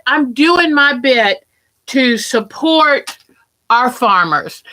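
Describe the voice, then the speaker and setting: A woman's voice: a little high, sharp tone. A woman hosting a casual quilting livestream, chatting and greeting viewers by name.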